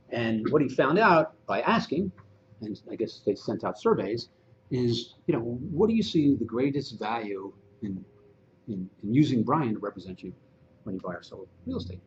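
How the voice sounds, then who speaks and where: A man presenting a training session in a casual, animated way, mid-pitched and lively. The recording is a little muffled, with faint room hiss behind him. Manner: animated, conversational, acts out dialogue. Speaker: real estate agent and trainer.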